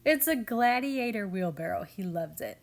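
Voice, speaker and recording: A woman in her thirties talks over her family's garden footage in an easygoing, chatty voice. She sounds amused and warm toward her kids and often drops into their lines as she tells it. Her pitch sits in an ordinary middle range. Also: lively intonation, moderate pace. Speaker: family homestead vlogger. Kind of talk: casual voice-over narration of garden video.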